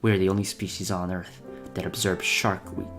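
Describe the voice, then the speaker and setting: A smug, smooth-talking man in his thirties, easy and self-assured, read by a man in his own low voice. A faint guitar track plays underneath. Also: level tone, normal speed. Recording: faint guitar music behind.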